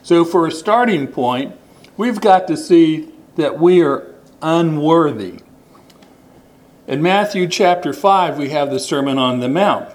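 Slow, deliberate man preaching. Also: a little high, a little mellow, rough recording. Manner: deliberate, stresses words and repeats them. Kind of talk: sermon with scripture reading.

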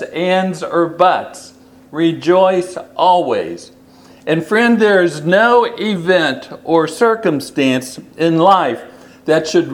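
Male preacher, fairly high voice, slow deliberate delivery, sermon, repeats key phrases.

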